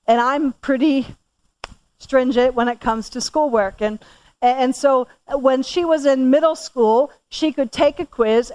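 A woman in her forties giving a sermon, telling a family story with lively acted-out dialogue and repeated phrases. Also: a little high, clean tone, dry recording. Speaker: church speaker.

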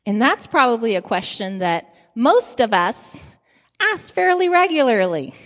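A woman's voice: on the high side, big pitch swings, unhurried, a bit bright, in a large hall. A middle-aged woman giving a sermon, telling stories in a conversational way with many fillers. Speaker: pastor.

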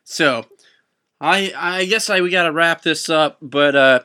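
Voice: mid-range voice, measured pace, pushed and bright. A performer voicing an awkward talk show host who stammers and hesitates.

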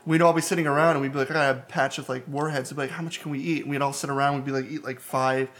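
A man's voice: medium pitch, fairly even intonation, very fast, fairly bright tone. A young man co-hosting a podcast, rambling through stories with lots of fillers and swearing. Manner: crude, rambling with many fillers. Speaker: podcast co-host. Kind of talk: casual chat.

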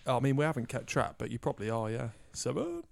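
A man's voice: mid-range voice, fairly even intonation, racing, creaky. A man hosting a casual podcast quiz, playful and teasing as he reads out the questions. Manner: playful, laughs often, teasing. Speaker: podcast host, quizmaster.

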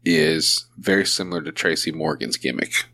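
A man's voice: a bass voice, moderate pace, gravelly, pushed and bright, no echo. A man chatting crudely on a podcast with friends, joking and talking about doing voices. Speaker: podcast co-host. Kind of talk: casual podcast chat.

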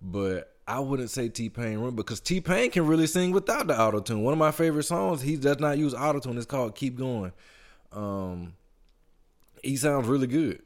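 A man in a casual podcast chat, talking in a relaxed, thoughtful way and explaining his views at length. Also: mid-range voice, moderate pace.

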